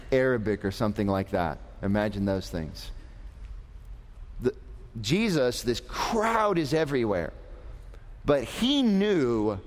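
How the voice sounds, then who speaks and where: A man preaching a lively sermon to young people, animated and asking the audience questions. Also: on the low side. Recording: long hall reverb.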